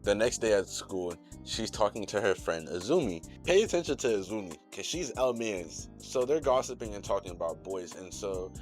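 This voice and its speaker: Young male host, deep low voice, loose profane slangy recap delivery. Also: very animated, normal speed, few pauses, faint music behind. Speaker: channel host recapping an anime episode. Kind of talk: casual recap commentary.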